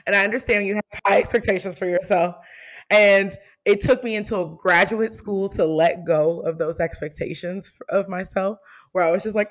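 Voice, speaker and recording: A young adult woman hosting a podcast in casual chat, animated and quick to laugh, with playful teasing. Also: medium pitch. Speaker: podcast host.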